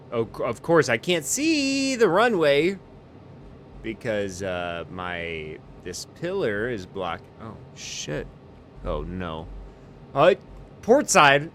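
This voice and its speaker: A man's voice: mid-range voice, a little hiss or hum. Panicky, swearing man playing a pilot. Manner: panicky, profane, lurching between muttering and shouting. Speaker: flight sim streamer. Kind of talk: comedic role-play as an airline pilot.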